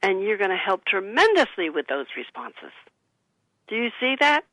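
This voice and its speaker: A woman's voice: medium pitch, big pitch swings, normal speed, bright, forceful tone, dry recording, rough recording. A woman who is an author, giving earnest advice as a guest in a radio interview. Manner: earnest, advising, gives listeners example phrases. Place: studio.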